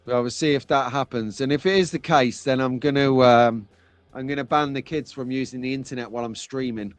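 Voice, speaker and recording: A man's voice: mid-range voice, steady tone, brisk, no echo, faint music behind. A middle-aged man hosting a casual live stream from home, chatty and jokey as he reads out viewers' comments. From England. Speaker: host of a live slot car stream.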